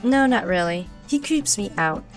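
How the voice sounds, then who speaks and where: A woman voicing a young woman on holiday who is uneasy, a little higher and softer than her narrating voice. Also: lively intonation, moderate pace, faint music behind, natural voice. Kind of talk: storybook narration.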